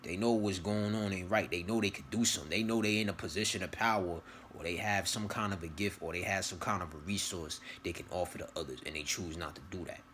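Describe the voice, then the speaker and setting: A man with a low voice talks in a loose, rambling motivational monologue, full of slang, swearing and repeated phrases. His tone is bright and forceful despite the deep pitch. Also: quick pace, hardly any pauses, a little hiss or hum. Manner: rambling, slang-heavy, profane, repeats himself. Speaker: vlogger giving spiritual advice.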